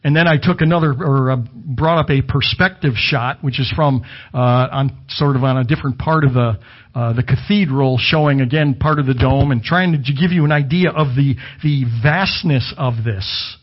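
A man's voice: mid-range voice, moderate pace, highs cut off. A middle-aged man preaching a sermon in a conversational way, with asides and self-corrections. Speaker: pastor. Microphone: camera video with slides behind him.

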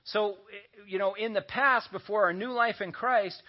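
A man's voice: high voice, moderate pace. A man preaching a sermon as a pastor, talking conversationally and slipping in joking asides. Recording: dull lo-fi audio recording.

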